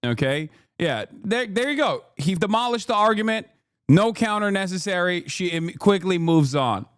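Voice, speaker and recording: Streamer host, male, high voice, dry close mic, profane sarcastic rants. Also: lively intonation, moderate pace, clear, resonant tone, no echo. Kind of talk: casual reaction commentary.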